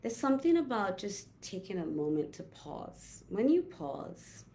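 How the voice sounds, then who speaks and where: A woman holistic health coach giving a gentle, reflective talk with slow, drawn-out pauses. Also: medium pitch, very animated, slight background noise. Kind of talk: casual inspirational talk.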